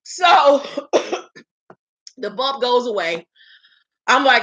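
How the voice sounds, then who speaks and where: A woman's voice: a little high, sing-song, very slow, pauses often, sharp tone, low-quality recording. A woman vlogger telling a casual storytime, slangy and profane, often laughing as she talks and quoting her own thoughts. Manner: quotes herself in her inner voice.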